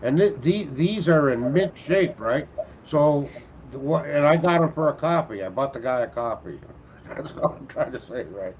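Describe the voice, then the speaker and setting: A man's voice: on the high side, expressive, normal speed, dull audio, slight background noise. A man chatting casually about a record he found, in a rambling, laid-back way. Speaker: guest record collector. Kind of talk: casual chat over a call.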